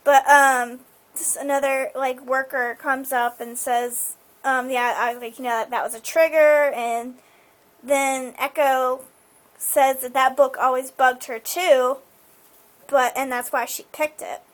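A high-voiced woman talks through a TV episode in a loose, rambling recap. She fills her sentences with "like" and "um" as she goes. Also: little pitch movement, unhurried. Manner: chatty, full of fillers like "like" and "um". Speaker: show recapper.

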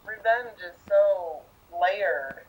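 A woman's voice: medium pitch, animated, drawn-out words, breathy edge, rough recording. A woman co-hosting a casual TV podcast, mostly chiming in with short agreeing replies. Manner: brief agreeing replies, chatty. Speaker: podcast co-host. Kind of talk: casual chat recapping a TV episode.

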